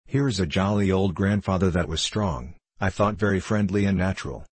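A man's voice: sits low, moderate pace, breathy edge, no room sound. A man voicing a flippant, jaunty young idler who talks in a breezy, joking way. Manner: breezy, joking, lightly mocking.

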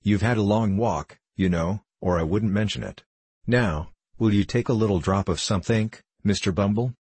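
A man voicing a sly, fawning woman who runs a parish baby farm, speaking with false humility and lower-class turns of speech. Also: normal speed, darkish tone, breathy edge, no echo. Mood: wheedling. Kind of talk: audiobook character voice.

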